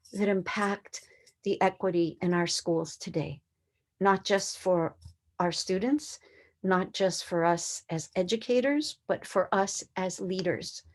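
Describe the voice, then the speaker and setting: Female presenter, 60s, non-native English speaker, earnest and emphatic conference talk, mid-range voice. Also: medium pitch. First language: a language other than English. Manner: earnest, emphatic, poses rhetorical questions. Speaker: educator presenting a conference session.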